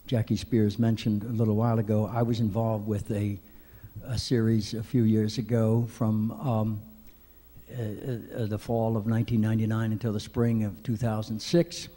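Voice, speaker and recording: Wry older man, dark voice, hall echo. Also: on the low side. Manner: wry self-deprecating storyteller, many hesitant "uh"s. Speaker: keynote speaker. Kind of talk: anecdotal after-breakfast speech. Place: large banquet hall. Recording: reverberant large hall.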